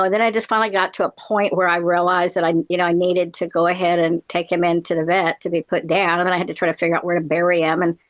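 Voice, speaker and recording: Rambling, lower-voiced middle-aged woman. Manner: rambling, animated, with frequent fillers and laughs. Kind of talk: casual chat, storytelling.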